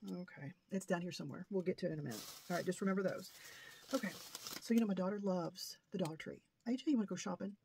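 A woman's voice: fairly low pitch, quick pace, gravelly, a little mellow, a little hiss or hum. A middle-aged woman, rambling folksily through a casual haul video. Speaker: crafting vlogger.

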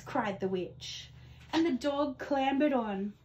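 A woman, a teacher, reading a rhyming picture book aloud to children at home in a gentle, expressive way. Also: high voice, slow, a little hiss or hum. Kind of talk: read-aloud storytelling for children.

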